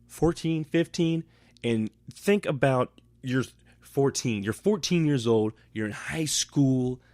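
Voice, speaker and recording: A man hosting a casual solo podcast, recapping a TV episode in a rambling, profane way with animated outbursts. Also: mid-range voice, dry recording.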